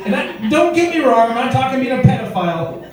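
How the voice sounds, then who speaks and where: A man's voice: extremely high pitch, very animated, fairly quick. A male stand-up comedian telling crude stories conversationally and working the crowd from a comedy club stage. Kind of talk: stand-up set. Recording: echoey club from far off, crowd.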